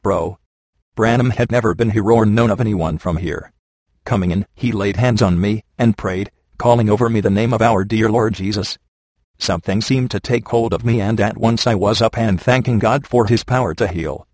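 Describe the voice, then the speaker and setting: Man, low voice, steady measured narration, religious memoir reading, dry close sound. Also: no room sound.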